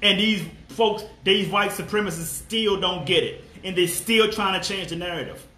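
A man's voice: high-pitched, moderate pace, bright, forceful tone, reverberant. A motivational speaker, a man, in an impassioned monologue to camera, angry and blunt, swearing and repeating his phrases.

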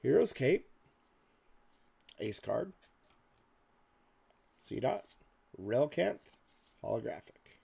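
Man, card-opening host, lively pitch, gravelly, casual list-reading, slightly hoarse. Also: slow, pauses often. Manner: reads off card names in a list, muttering asides. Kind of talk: casual pack-opening commentary.

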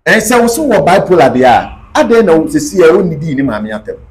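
A man's voice: on the high side, big pitch swings, fast, poor audio. A man talking as an interview guest, emphatic and repeating his key points. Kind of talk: casual interview talk mixing Twi and English.

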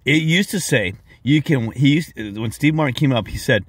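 A man hosting a video, talking excitedly and repeating himself as he comments on a clip. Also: mid-range voice, moderate pace, breathy edge, no room sound, studio quality. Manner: excitable, repetitive, with frequent restarts. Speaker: video host. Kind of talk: casual commentary.

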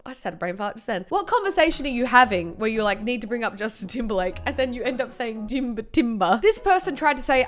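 A woman's voice: on the high side, fairly quick, hardly any pauses. A young woman on her YouTube channel, casually reading out viewer stories with a playful, joking manner. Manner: playful, animated, jokes and swears.

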